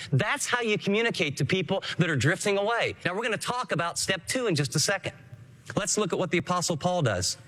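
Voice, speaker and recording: Animated high-voiced male preacher. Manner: animated, emphatic, asks the audience questions. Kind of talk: radio sermon.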